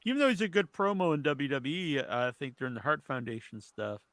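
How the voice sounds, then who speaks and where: A man's voice: fairly high pitch, expressive, fast talker, a bit bright, dry recording. A man hosting a podcast, reading out trivia and then chatting loosely with lots of fillers. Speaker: podcast host. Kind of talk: casual wrestling chat.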